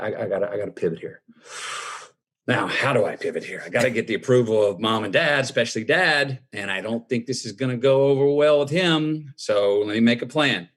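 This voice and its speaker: A man in his fifties with a drawl, telling a relaxed personal story in an interview. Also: fairly low pitch, vocal fry, breathy edge. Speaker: guest.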